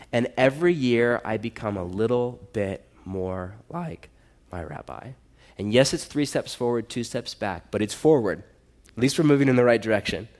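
A man's voice: fairly low pitch, a little mellow. A man preaching a sermon in a church, earnest and conversational, building to emphatic exhortations. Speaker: pastor.

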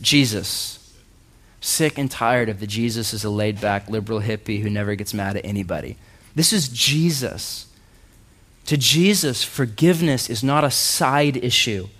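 A man preaching a sermon in a conversational way, reading scripture aloud and asking the congregation rhetorical questions. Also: medium pitch. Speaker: pastor.

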